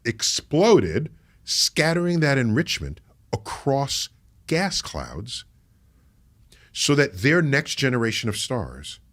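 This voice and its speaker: An American man being interviewed on a podcast, explaining ideas in a measured, emphatic way with dramatic pauses. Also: medium pitch, fairly bright tone. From United States. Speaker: guest astrophysicist.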